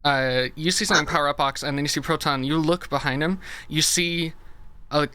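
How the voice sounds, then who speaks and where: A man narrating a tabletop game as game master, with halting, filler-heavy delivery. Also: fairly high pitch, steady tone, sharp tone, clear, resonant tone.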